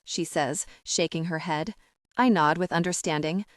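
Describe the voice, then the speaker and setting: Young woman, first-person audiobook narrator, calm and expressive, lowish voice, dry read. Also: measured pace, no room sound. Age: young adult. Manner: steady, calm, expressive reading.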